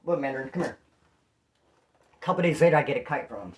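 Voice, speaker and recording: A man's voice: mid-range voice, fast talker, a little hiss or hum. Slangy man telling a prison story. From California. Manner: slangy, animated, acts out quoted voices. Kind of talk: casual spoken storytelling.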